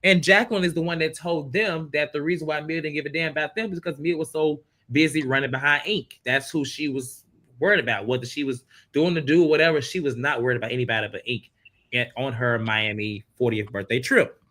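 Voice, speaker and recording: A man hosting a casual reality TV recap, retelling the drama in an animated, incredulous way. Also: a little high, brisk.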